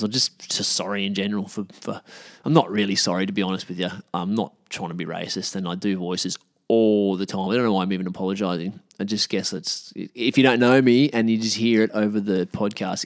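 A man's voice: fairly low pitch, no room sound, studio quality. An Australian man hosting his own podcast, chatting casually and frankly with lots of restarts. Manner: rambling, frank, many restarts and fillers. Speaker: podcast host. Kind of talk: casual solo podcast chat.

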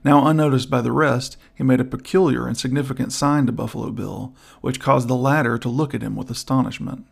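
A man narrating an adventure audiobook in a steady, even reading. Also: medium pitch, fairly quick, gravelly, husky. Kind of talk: scripted narration.

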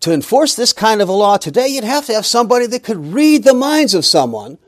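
A man's voice: high voice, sing-song, a little fast, no room sound. A middle-aged man teaching a Bible lesson in an emphatic preaching style, with humorous asides.

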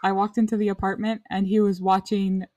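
A woman's voice: medium pitch, flat delivery, brisk, darkish tone, dry recording. A young woman co-hosting a casual podcast chat, asking dry, teasing questions. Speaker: podcast co-host.

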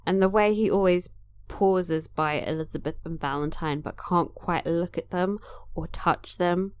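A woman's voice: lowish voice, measured pace, a little mellow, clear, resonant tone, highs cut off. A woman co-hosting a podcast, chatting enthusiastically about a TV drama. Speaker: podcast co-host. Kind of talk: casual discussion of a TV drama.

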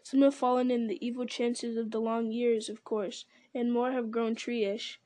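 A woman voicing an ancient, slow and grave male tree-giant in a storybook reading, speaking in a solemn, deliberate way. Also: fairly high pitch, level tone, dark tone, dry recording, close to an everyday voice.

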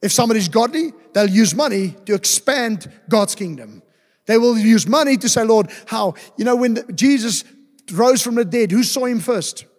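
A man preaches from the pulpit, his voice sitting notably high. He leans on emphatic repetition and rhetorical questions to drive each point home. The sound carries a long reverb, as in a large church hall. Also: expressive, normal speed. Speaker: pastor. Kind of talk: sermon.

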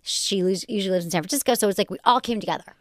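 A woman hosting a podcast, telling a story in casual, animated chat. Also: medium pitch, rapid-fire, no room sound, studio quality. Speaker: podcast host.

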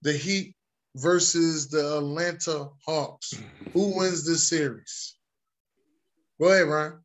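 A man hosting a casual sports podcast, running the picks and teasing his co-hosts in quick, exclaiming bursts. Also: a little high, steady tone. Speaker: host.

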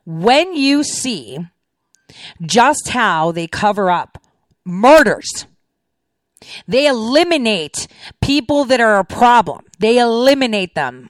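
A woman's voice: fairly high pitch, big pitch swings, takes it slowly, no echo, clean studio sound. A woman hosting a show and giving political commentary on played clips, in a sarcastic way full of rhetorical questions. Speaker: podcast host.

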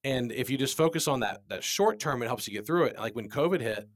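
A man's voice: medium pitch, expressive, fairly quick, no echo, clean studio sound. A man in his forties, a business owner, telling a candid story in an interview with emphatic restarts. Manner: earnest, repetitive restarts, emphatic.

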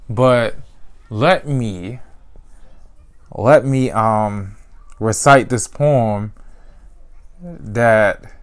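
A man hosting a casual solo podcast, laid-back, repeating his phrases and laughing easily. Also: on the low side. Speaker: podcast host. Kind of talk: casual solo sports and news chat.

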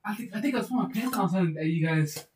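A man chatting casually with friends, excitable, laughing loudly and jumping in. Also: high-pitched, quick pace, reverberant. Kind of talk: casual chat among friends. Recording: distant mic with faint noise.

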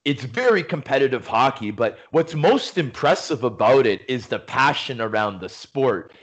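A man's voice: medium pitch, lively intonation, normal speed. A man hosting a casual interview podcast, a former hockey player who asks long questions full of fillers.

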